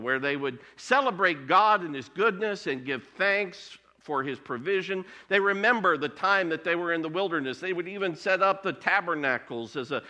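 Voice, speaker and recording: A man preaching a sermon as pastor, animated, rising high and dropping to near whispers.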